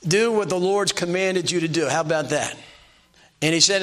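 Older male preacher, high-voiced, homespun and self-mocking, hammers one point again and again. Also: moderate pace, a bit bright. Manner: folksy, self-deprecating preaching with repeated exhortations. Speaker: pastor. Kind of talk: sermon.

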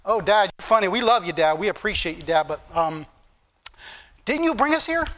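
A grown son, dismissive and patronizing, humoring his father as if the old man were losing his mind, as a man voices him in a sermon. The voice sits a little lower and softer than the preacher's own bright tone. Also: expressive, normal speed. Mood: teasing, dismissive. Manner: condescending, mock-affectionate.

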